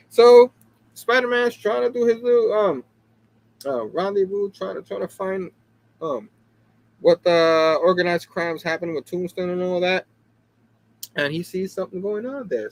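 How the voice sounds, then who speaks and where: A man with a high, lively voice that jumps all over the place hosts a relaxed talk show. He chats in a loose, animated way, laughs easily and keeps checking in with "you know what I mean". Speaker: comic book review show host. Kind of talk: casual chat.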